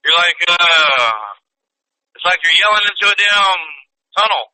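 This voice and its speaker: Co-hosting a podcast over a phone call, a man teases his friend in a dry, mock-serious way during casual chat. His high-pitched voice is animated and sharp yet unhurried, captured in a dry recording.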